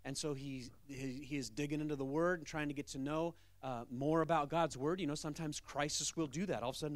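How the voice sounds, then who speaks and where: A pastor preaching a sermon with a fairly high man's voice. His delivery is animated and conversational, and he drives points home with emphasis. The recording is dry and close. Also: quick pace, hardly any pauses, no room sound.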